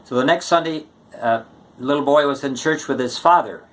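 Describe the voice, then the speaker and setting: A man tells one short joke after another in a relaxed, casual way. His voice sits at an ordinary middle pitch, and he takes his time, leaning on pauses before each punchline. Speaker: joke teller.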